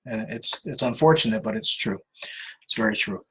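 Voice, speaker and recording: A woman's voice: rumbling low, expressive, normal speed, husky, low-quality recording. A woman hosting a live question-and-answer session, answering viewer questions in an earnest, plain-spoken way. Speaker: host of a scam-awareness Q&A.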